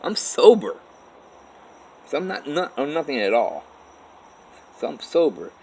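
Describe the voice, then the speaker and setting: A man telling his own life story in a halting, rambling way, with many restarts. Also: on the high side, very animated, gravelly, a little mellow, husky, rough recording. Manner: halting, with restarts and repeated "all of a sudden". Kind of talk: rambling first-person storytelling.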